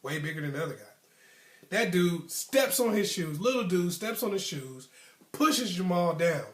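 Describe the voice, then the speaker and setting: A man's voice: high-pitched, expressive, a little slow, distant mic. Chatty man telling a story, echoey room. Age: adult, past his youth. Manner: conversational, many ums and likes, acts out friends' tough talk. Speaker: storyteller, channel host. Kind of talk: casual personal storytelling.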